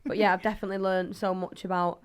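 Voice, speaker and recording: A woman in her twenties speaks in a northern English accent at a mid pitch. She chats casually and easily, laughing often and stretching out her fillers. She sounds like a footballer guest on a friendly talk show. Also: flat delivery, quick pace, clear, resonant tone. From England. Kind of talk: casual chat.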